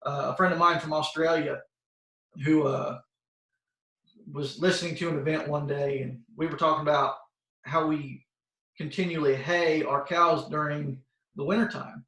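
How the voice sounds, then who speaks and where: A man with a slightly high voice gives a plain-spoken, folksy lesson to kids, often pausing on fillers and restarting his sentences. He sounds set back from his microphone on a video call. The room around him echoes. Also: steady tone, fairly bright tone. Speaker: soil health expert presenting to schoolchildren. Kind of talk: informal educational talk. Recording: roomy sound, voice far from the mic.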